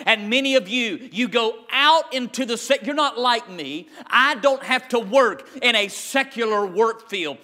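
A man's voice: high-pitched, bright, forceful tone. A male pastor preaching a sermon in a church, impassioned and stretching key words. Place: church sanctuary with congregation.

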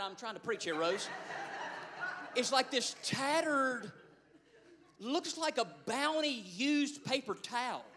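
Male preacher, high pitch, sharp bright tone, storytelling sermon. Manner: storytelling, building to shouted preaching.

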